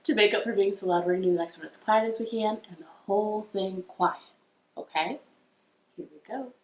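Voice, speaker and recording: A woman's voice: mid-range voice, steady tone, fast talker. A young woman with an American accent leading a children's storytime from her living room, playful and self-deprecating as she sings and strums along on a ukulele. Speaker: children's librarian. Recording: echoey home room with ukulele.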